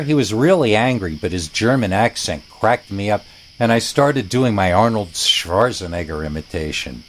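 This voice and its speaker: A man narrating a scary story in a low voice that swoops up and down with plenty of expression. His storytelling is animated, with a dry, joking edge. Faint crickets chirp in the background. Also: normal speed, a little hiss or hum. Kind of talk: scripted narration.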